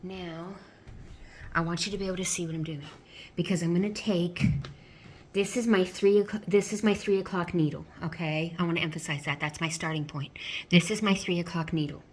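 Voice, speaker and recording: On a recording with a little hiss or hum, a woman with a fairly low, fairly even voice speaks rather quickly while teaching sock machine knitting step by step. She's chatty and patient, repeats steps, checks in with frequent "okay?", and offers a playful "ta-da".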